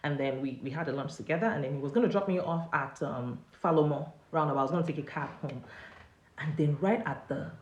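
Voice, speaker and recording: A Nigerian woman hosting a casual live chat and telling a personal story with animated swings in pitch. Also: quick pace, echoey room, lo-fi sound. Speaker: host.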